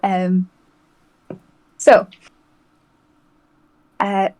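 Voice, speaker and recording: A woman playing a tabletop game, hesitant and halting, with nervous laughs. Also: fairly high pitch, darkish tone, rough recording. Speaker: player. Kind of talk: casual tabletop play.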